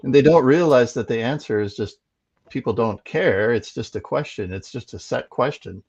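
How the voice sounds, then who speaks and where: A man's voice: mid-range voice, moderate pace, darkish tone, slightly rough. A man hosting a casual interview who laughs often and answers with short agreements. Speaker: host. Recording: dull lo-fi sound.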